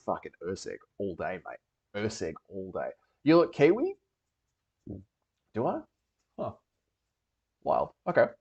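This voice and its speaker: A man's voice: medium pitch, lo-fi sound. A man hosting a livestream, reading chat and rambling with jokey, sweary banter.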